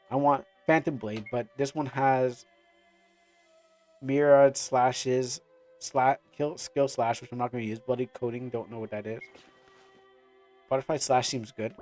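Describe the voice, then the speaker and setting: A man's voice: medium pitch, fairly even intonation, measured pace, long pauses, a little mellow, faint music behind. A man streaming a game, rambling through casual commentary with lots of fillers and restarts. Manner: rambling, many fillers and restarts, laughs often. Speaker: gaming streamer.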